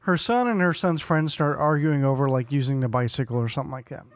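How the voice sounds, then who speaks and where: A man's voice: medium pitch, quick pace, clean tone, dry recording. A man in his forties co-hosting a podcast, telling a story in casual chat, acting out other people's lines and laughing often. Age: 40s. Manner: animated storyteller who acts out quotes and laughs often. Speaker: podcast co-host.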